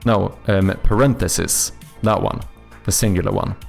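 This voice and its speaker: Gravelly Swedish-accented male streamer. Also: sits low, faint music behind. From Sweden. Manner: halting, self-correcting, thinks aloud while answering chat. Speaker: streamer and game developer. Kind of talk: casual live-stream chat.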